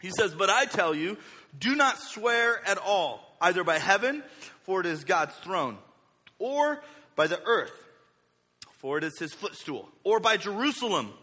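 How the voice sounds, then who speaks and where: A young man preaching a sermon, lively, slipping into the voices of the people he quotes. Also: sits high. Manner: energetic, acts out quoted speakers with varying voices. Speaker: pastor. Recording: reverberant hall.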